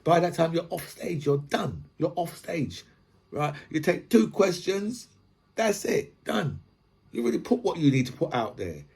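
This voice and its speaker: Husky-voiced podcast host, raised pitch, profane opinion rant. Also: male voice, sing-song, measured pace, a little mellow. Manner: swears freely, builds long analogies, repeats "right?".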